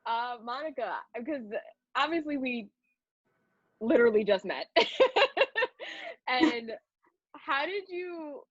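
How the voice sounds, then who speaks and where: Woman, high voice, casual podcast chat, giggly, dry lo-fi recording. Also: very animated, takes it slowly, pauses often, fairly bright tone, no echo. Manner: giggly, gushing. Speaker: voice actress. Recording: dry, dull lo-fi mic.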